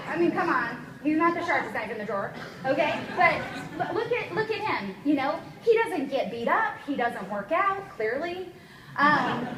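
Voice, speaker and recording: A high-pitched woman coaching a room full of people in a punchy, emphatic seminar style, tossing in "okay?" and "guys" to keep them with her. Her voice comes from some distance away and rings around an echoey room, with a faint hum of ambience underneath. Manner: energetic, emphatic, keeps checking in with "okay?" and "guys". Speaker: network marketing trainer. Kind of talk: motivational seminar talk.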